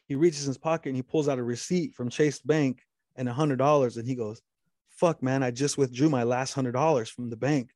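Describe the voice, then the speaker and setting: A man's voice: a little mellow, no echo, clean studio sound. A man telling a long story in casual chat, with lots of swearing and restarts. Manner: rambling storytelling with frequent profanity and restarts; quotes the other man at length in a low voice.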